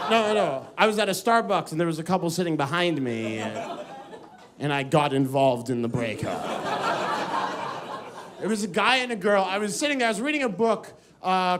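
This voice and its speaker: A man doing a stand-up comedy set, animated and quick to stumble into filler restarts. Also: on the high side. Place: comedy stage before a live audience. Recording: live set with audience crowd noise.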